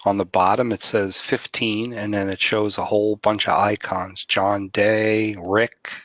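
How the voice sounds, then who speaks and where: A man chatting casually on a talk show in a relaxed, matter-of-fact way. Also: lowish voice, a little slow, no room sound. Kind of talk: casual chat.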